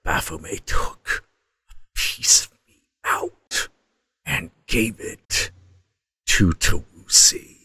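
A man doing a menacing male demon that speaks slowly and low, its words dropping to a breathy half-whisper. The voice is deep and sits in a dry space with no room echo. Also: very animated, exaggerated voice. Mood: grudging. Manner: slow, hushed, half-whispered threats.

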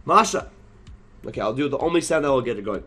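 A man streamer loudly calling out and pleading, then talking to his viewers. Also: mid-range voice, animated, fast, heavy background noise. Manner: loud, pleading calls. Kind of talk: casual live stream chat.

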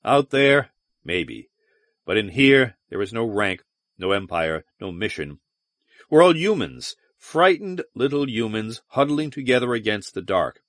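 A man's voice: on the low side, sing-song, measured pace, fairly bright tone, no echo. A man reading as a sardonic spacer. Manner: mocking, sullen, then brooding and dramatic. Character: jaded, sardonic male spacer, haunted. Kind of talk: audiobook character reading.

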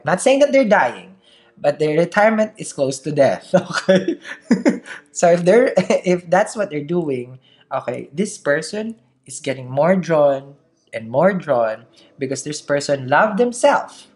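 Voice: medium pitch, very animated, a little slow, darkish tone. A tarot reader with a slight accent, giving a casual daily reading to camera, chatty, often laughing and checking in with the listener. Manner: chatty, laughs often, keeps asking "okay?".

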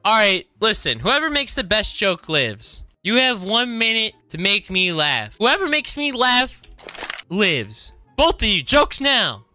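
A woman in a comedic game roleplay, bossy and teasing in a deadpan way. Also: medium pitch, a little slow, dry recording, soft background music. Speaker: co-player in a roleplay.

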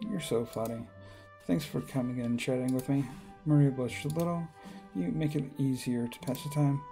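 A man voicing a shy young woman survivor in a game, speaking softly and gently. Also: medium pitch, moderate pace, gravelly, faint music behind, natural voice.

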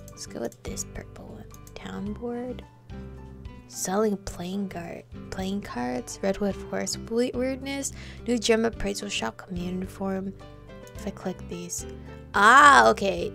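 A woman's voice: medium pitch, gravelly, a bit bright. A woman streamer playing a visual novel, chatting playfully, reacting aloud and reading the game's text. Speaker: gameplay streamer. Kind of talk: casual let's-play commentary, reading game text aloud.

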